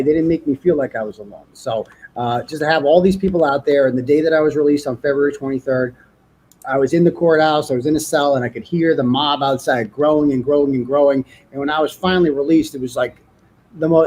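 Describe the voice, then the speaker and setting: Middle-aged guest, high male voice, profane and animated. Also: slightly rough. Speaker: interview guest. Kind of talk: casual interview.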